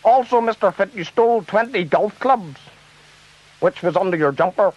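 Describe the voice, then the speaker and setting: A flustered Northern Irish TV presenter, played by a man, fusses to keep order in a rowdy debate. His voice is pitched high, and the recording sounds dull and lo-fi. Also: animated, normal speed. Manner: fussy, trying to keep order.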